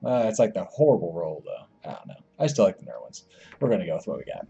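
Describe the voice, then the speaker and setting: A man hosting a gaming channel, giving jokey, rambling commentary and letting out excitable yelps as he plays. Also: low voice, quick pace, gravelly, dull audio. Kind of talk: gameplay commentary.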